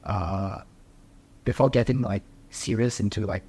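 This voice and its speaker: Husky-voiced young man, halting. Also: on the low side, a little mellow. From Singapore. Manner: hesitant, many fillers and restarts. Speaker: triathlete guest. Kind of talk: casual interview chat.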